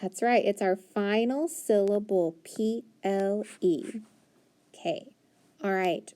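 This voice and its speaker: A woman patiently teaches young children phonics, encouraging them as she sounds out letters and words slowly. Her voice is medium-pitched and mellow.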